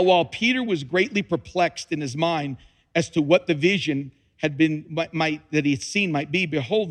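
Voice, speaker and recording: A man's voice: on the high side, fairly bright tone. A man preaching a sermon, reading scripture dramatically with emphatic repetition and touches of humor. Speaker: pastor. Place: church sanctuary. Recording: long reverb of a large hall.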